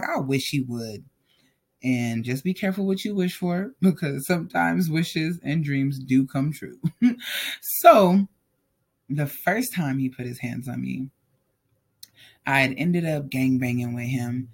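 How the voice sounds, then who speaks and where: A man's voice: mid-range voice, creaky. A man telling a personal story in a casual, candid way, talking straight to his viewers. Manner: candid and animated, addresses viewers directly.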